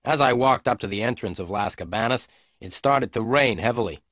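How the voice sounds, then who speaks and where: A man reading a detective story aloud in clear, measured narration for English learners. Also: mid-range voice, fairly bright tone, no room sound, studio quality. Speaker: audiobook narrator.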